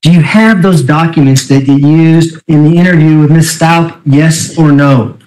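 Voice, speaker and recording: With a fairly high pitch and darkish tone at normal speed, a prosecutor questions a witness in court. He is pressing and insistent, working to nail down the answers. The audio is poor.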